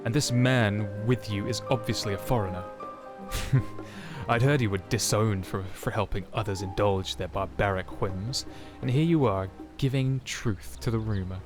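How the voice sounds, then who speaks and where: A man's voice: on the low side, moderate pace, close to an everyday voice. A man voicing a haughty, snobbish aristocratic man who speaks with stiff, affronted formality, over background music. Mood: disdainful. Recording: music playing behind.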